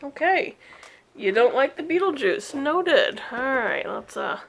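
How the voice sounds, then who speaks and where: A woman chatting casually in a crafting vlog, easily distracted and laughing often, scolding her cat now and then in a higher voice. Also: very animated, slow pace, creaky, slight background noise. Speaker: cross-stitch vlogger.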